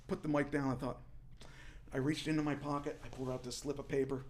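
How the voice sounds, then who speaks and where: A man, a former wrestler, telling stories in a casual podcast chat and rising into a loud promo voice when he quotes himself. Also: mid-range voice, brisk, pauses often. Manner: animated, shouts into promo voice when quoting himself. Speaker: former pro wrestler guest. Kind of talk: casual storytelling.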